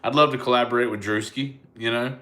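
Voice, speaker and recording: A man's voice: medium pitch, steady tone, fast, pushed and bright. A man with a Southern US accent, a comedian casually chatting live with his fans and answering their comments in a laid-back, rambling way. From United States.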